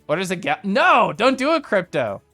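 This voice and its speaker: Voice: medium pitch, sing-song, normal speed, pushed and bright, soft background music. A livestreamer chatting casually with viewers, telling rambling stories full of fillers and mock outrage. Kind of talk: casual chat with a live stream chat.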